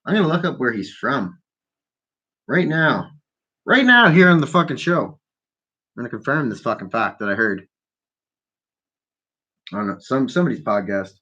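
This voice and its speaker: A man's voice: mid-range voice, sing-song, normal speed, long pauses, sharp tone, slightly rough, muffled recording. A man hosting a live call-in show from Canada, stoned and ranting about politics in a profane, rambling, mocking way. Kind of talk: casual stoned political rant.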